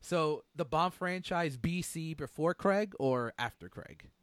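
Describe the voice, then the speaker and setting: A man hosting a casual movie chat with friends, enthusiastic and quick to laugh. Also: on the high side, expressive, a bit bright, clean tone, no echo, clean studio sound. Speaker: podcast host.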